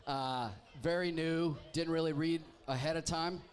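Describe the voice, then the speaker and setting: Using a handheld microphone, a man hosts a live pub trivia night, reading out team names and teasing the crowd with wry jokes. His voice is fairly high, his tone steady, and his pace measured.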